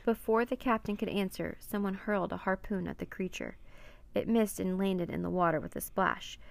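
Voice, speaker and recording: Woman storyteller, slightly gravelly, even children's-book narration. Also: mid-range voice, normal speed. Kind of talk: children's book read aloud.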